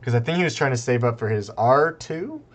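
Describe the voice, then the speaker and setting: A young man casting a strategy game tournament in a loose, rambling way, breaking into excited outbursts and laughter. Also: medium pitch, brisk. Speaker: tournament caster. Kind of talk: casual game commentary.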